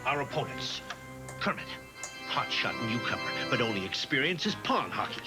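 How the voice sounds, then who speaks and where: A man's voice: medium pitch, very animated, moderate pace, echoey room, close to an everyday voice. A man voicing a hockey coach giving his team a matter-of-fact briefing on their opponents. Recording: old TV ad under loud music.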